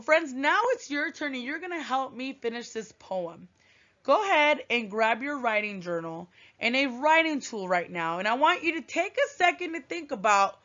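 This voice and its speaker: A woman teaching a writing lesson to young children, thinking aloud with long hums in a gentle, encouraging way. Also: a little high. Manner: gentle, encouraging, sing-song classroom delivery. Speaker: first grade teacher. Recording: dull lo-fi recording.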